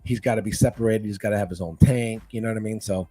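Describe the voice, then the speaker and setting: A man who is a guest fishkeeper, chatting casually in an interview with a laid-back, animated manner. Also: on the low side, quick pace, slightly rough, soft background music. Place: living in Northern California.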